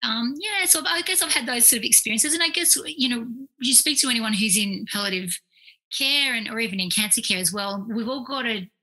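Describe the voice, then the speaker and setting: On a low-quality recording, an Australian clinical psychologist in her forties tells anecdotes as a guest on a podcast interview. Her pitch is fairly high and her pace fairly quick. She's an animated storyteller who acts out the voices of the people she quotes.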